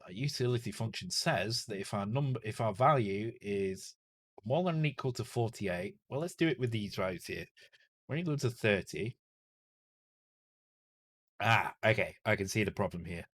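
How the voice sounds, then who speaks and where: A man's voice: fairly low pitch, expressive, moderate pace. A man with a Northern English accent, streaming live as he codes and thinks aloud, muttering to himself, correcting himself and joking with casual swearing. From Northern England. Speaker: streamer coding a retro game.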